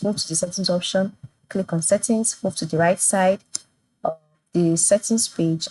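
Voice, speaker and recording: A woman hosting a software tutorial, explaining each step plainly with a few fillers and restarts. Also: lowish voice, no echo, poor audio. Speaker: tutorial host. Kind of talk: screen-recorded software tutorial.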